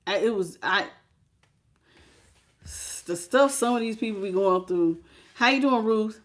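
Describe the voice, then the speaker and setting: A woman giving a live-streamed tarot reading, talking in a casual, chatty and animated way and greeting viewers as she goes. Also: medium pitch, a little slow. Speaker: tarot reader.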